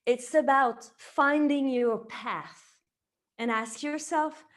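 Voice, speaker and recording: A woman teaching a yoga class, calmly cueing each movement to the breath and gently offering options. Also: high voice, slow pace. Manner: calm step-by-step cueing tied to the breath. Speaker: yoga teacher and somatic therapist. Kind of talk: guided yoga class instruction.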